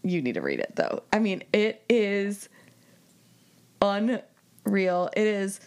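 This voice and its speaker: A woman's voice: medium pitch, huge pitch swings, takes it slowly, darkish tone, clear, resonant tone. A woman co-hosting a book podcast in casual chat, wry and dry with emphatic bursts. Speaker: podcast co-host.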